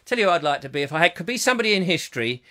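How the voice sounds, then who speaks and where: A man's voice: a little high, sing-song, racing, bright, forceful tone. A man hosting a live comic chat show, rambling and jokey and often breaking off mid-sentence. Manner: rambling, jokey, self-interrupting. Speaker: host.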